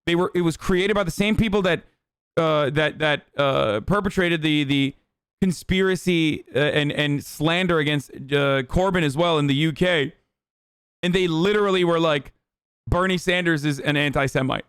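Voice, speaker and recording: A man's voice: fairly high pitch, moderate pace, a bit bright, clean tone, no echo, studio quality. A man hosting a livestream, giving heated, sarcastic political commentary with lots of swearing. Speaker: livestream host. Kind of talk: ranting political commentary stream.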